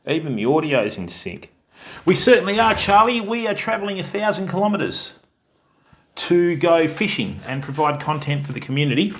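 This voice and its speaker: This Australian man hosts a casual fishing live stream, his voice on the high side with big pitch swings at a normal speed; there's a little hiss or hum. He chats warmly, greeting viewers by name and calling them mate and bud.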